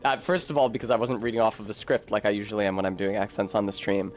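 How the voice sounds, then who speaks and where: A man's voice: fairly low pitch, flat delivery, quick pace. Chatty American man streaming a game. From United States. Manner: chatty, rambling, with frequent self-corrections and swearing. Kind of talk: casual livestream commentary.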